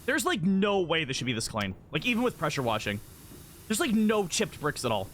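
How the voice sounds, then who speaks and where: A man chatting casually on a live game stream, rambling and giggly, easily excited and full of filler words. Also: on the high side, a little fast, a little hiss or hum. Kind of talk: casual live-stream chat while gaming.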